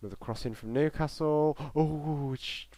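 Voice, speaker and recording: A man's voice: fairly high pitch, normal speed, warm tone, no echo. A young man giving live, chatty football reaction commentary on a stream, rambling between play calls and chat replies.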